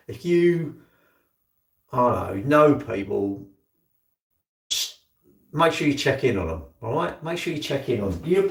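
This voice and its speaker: A man chatting live to his viewers at home, rambling and blunt, swearing freely and swinging from loud jokes to low grumbles. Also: slight background noise. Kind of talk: casual live-stream chat. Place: at home, moving about near the kitchen. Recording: echoey room.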